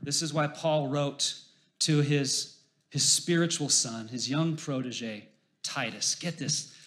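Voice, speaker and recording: A man preaching a sermon, animated, swinging from loud emphasis to hushed lines and telling jokey stories. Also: mid-range voice, slow. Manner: jokey storyteller. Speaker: pastor.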